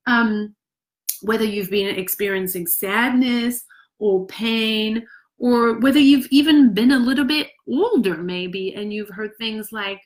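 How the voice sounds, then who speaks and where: Calm reflective woman acting coach. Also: medium pitch. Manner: calm, reflective, many pauses and fillers. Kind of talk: teaching to camera.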